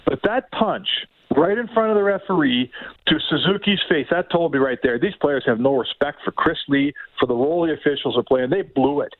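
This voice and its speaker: Heated sports radio guy, kinda high voice, dry close sound, tinny like a phone. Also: fairly quick, dry recording. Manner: emphatic, indignant, repeats for emphasis. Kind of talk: heated hockey talk.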